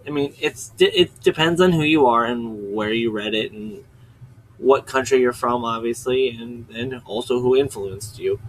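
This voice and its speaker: At medium pitch and a measured pace, a man recaps a webcomic for his own video channel, talkative and digressive, regularly halting to correct himself. Slight background noise marks the low-quality recording.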